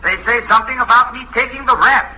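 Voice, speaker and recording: An actor playing a jaunty English gentleman swindler with an English accent, chuckling through airy, upper-class phrases in 1940s radio acting. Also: very high voice, fairly even intonation, fast talker. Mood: apologetic. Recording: old radio broadcast recording, dull with hiss.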